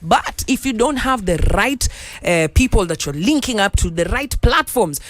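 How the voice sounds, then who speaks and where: A man's voice: sits high, moderate pace, no echo. A Kenyan man hosting a radio show, joking and bantering in a casual studio chat. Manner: playful, joking, animated. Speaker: radio host. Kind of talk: casual studio banter mixing English and Sheng.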